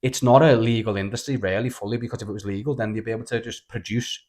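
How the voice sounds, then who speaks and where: Brief: rapid-fire Scouse lad, rambling and sweary, mid-pitch. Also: male voice, fairly even intonation, darkish tone. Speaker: podcast co-host. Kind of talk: casual storytelling chat.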